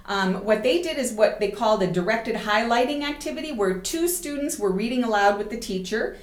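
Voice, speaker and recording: A woman's voice: fairly high pitch, lively intonation, a little fast. A woman teacher educator giving a recorded lecture, explaining examples step by step and checking in with "okay?". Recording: roomy echo.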